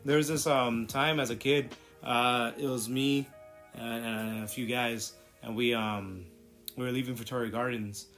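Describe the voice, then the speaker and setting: A man's voice: mid-range voice, fairly even intonation, measured pace, a bit bright, faint music behind. A young man, a podcast co-host, chatting casually in a giggly, joking, loose way. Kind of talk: casual chat.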